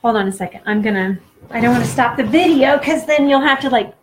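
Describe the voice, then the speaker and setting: A woman in her forties talking off the cuff to a camera, halting and earnest, close to tears, with many fillers and restarts. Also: on the high side, noisy background. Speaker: vlogger. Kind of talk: unscripted personal talk to camera.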